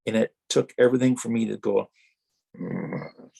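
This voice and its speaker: Raspy fry-heavy middle-aged guy from wisconsin telling racing stories, rambling. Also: mid-range voice, quick pace. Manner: animated anecdotes, acts out quoted exchanges. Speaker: retired racer, podcast guest. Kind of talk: rambling storytelling.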